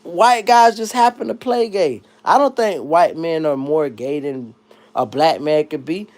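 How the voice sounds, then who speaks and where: At a measured pace, a livestream host reads through the chat and riffs on it in a loose, comic rant. His voice lurches from loud, high outbursts to low mumbling.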